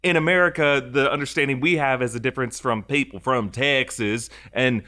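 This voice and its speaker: A man's voice: mid-range voice, brisk, bright, forceful tone. A man co-hosting a movie rumor show, chatting casually with lots of fillers and restarts. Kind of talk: casual podcast chat.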